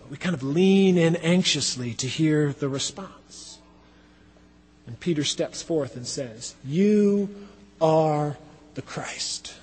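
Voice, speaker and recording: A male preacher delivers a sermon with a high, ringing voice. He is dramatic and expressive. The sound carries a long hall reverb, as in a church sanctuary. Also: slow, breathy edge. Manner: dramatic, acts out quoted voices.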